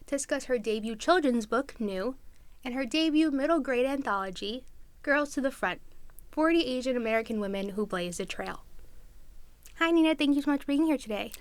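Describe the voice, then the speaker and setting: Bubbly high-voiced woman podcast host. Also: clear, resonant tone, no echo. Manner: bubbly, enthusiastic. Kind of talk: interview chat. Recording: dry studio sound.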